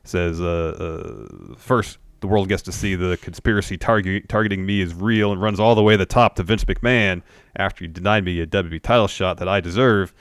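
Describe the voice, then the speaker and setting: A man's voice: deep voice, steady tone, a little fast, clean tone, no echo, clean studio sound. A man co-hosting a podcast, recapping wrestling in laid-back casual chat and reading out quotes. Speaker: podcast co-host.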